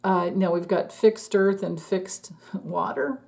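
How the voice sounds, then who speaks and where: A woman's voice: mid-range voice, slow, vocal fry, darkish tone. A woman astrologer giving a casual, chatty forecast, laughing often and trailing off mid-thought.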